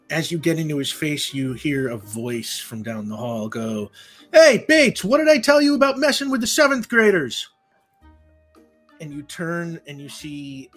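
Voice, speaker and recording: Man game master narrating a tabletop game. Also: mid-range voice. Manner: halting, lots of fillers.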